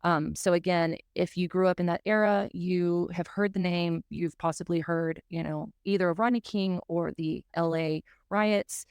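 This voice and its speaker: A woman's voice: on the low side, steady tone, moderate pace, hardly any pauses, darkish tone, clean tone, dry recording. A woman from South Mississippi, hosting a podcast in an earnest, emotional, enthusiastic way. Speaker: podcast host. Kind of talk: casual podcast chat.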